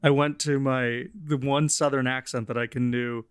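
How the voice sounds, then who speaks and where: A man's voice: mid-range voice, steady tone, normal speed, smooth, no echo, clean studio sound. A man co-hosting a casual sports podcast with wry jokes. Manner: wry, joking. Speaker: podcast co-host.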